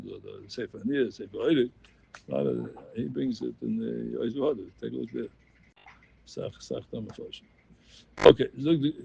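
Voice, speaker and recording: A man leading a Talmud study group, explaining the text in an animated voice and chanting quoted passages in a sing-song. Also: mid-range voice, gravelly, muffled recording, a little hiss or hum. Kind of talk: Talmud class teaching.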